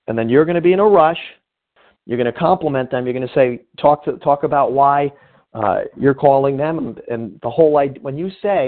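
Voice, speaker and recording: A man's voice: mid-range voice, lively intonation, fast talker. A man giving informal coaching advice in a conversational way, often restarting his phrases. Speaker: sales coach. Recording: tinny phone-like sound.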